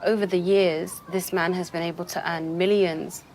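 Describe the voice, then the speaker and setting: A woman's voice: fairly low pitch, steady tone, moderate pace, a little mellow, a little hiss or hum. A woman reporter relaying and explaining what a man said, in a documentary interview.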